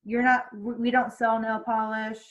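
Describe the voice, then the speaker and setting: Chatty woman trainer with a higher-pitched voice, casual call, many fillers. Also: level tone, normal speed, lo-fi sound. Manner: chatty, many fillers and restarts, acts out quotes. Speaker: sales team trainer.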